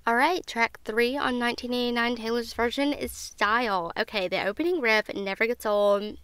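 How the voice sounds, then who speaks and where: A woman's voice: on the high side, fairly even intonation, moderate pace, a bit bright, smooth, no echo. A woman, hosting a podcast and gushing over music in bubbly, casual chat. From Southern United States. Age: 20s. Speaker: podcast host.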